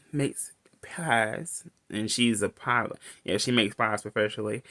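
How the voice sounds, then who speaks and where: A man's voice: mid-range voice, sharp tone. Man giving a rambling movie recap. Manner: rambling, restarts often, laughs between lines. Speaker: movie reviewer. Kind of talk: casual rambling film recap.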